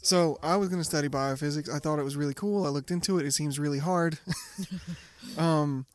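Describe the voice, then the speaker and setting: A man's voice: a little high, steady tone, fairly quick, smooth, dry recording. A young man co-hosting a podcast in casual chat, laughing often and swearing freely, feeling like he's getting sick. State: getting sick, off all day. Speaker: podcast co-host.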